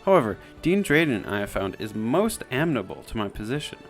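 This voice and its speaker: A man's voice: medium pitch, big pitch swings, fairly quick, faint music behind. Man doing a prim, frail young lady. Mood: earnest. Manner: prim, formal, overly polite. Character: frail, genteel young woman student, polite.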